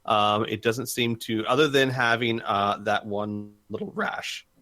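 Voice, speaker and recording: Casting: male game master, bright tone, rambling casual narration. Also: on the low side, steady tone, a little slow. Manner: rambling, full of fillers and restarts.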